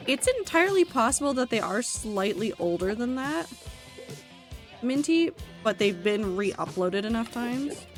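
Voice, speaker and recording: A woman's voice: fairly high pitch, very animated, measured pace, soft background music. A woman streaming a video game, chatting casually with her viewers, giggly and talkative as she plays. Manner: chatty, giggly, reads chat aloud. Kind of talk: casual gaming stream chat.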